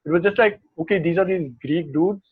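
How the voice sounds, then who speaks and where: A man's voice: high voice, a little fast, breathy edge. A man co-hosting a film podcast, chatting casually and rambling through his thoughts. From India. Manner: rambling, restarts mid-thought. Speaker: podcast co-host. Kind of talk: casual chat about films and TV. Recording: tinny phone-like call line.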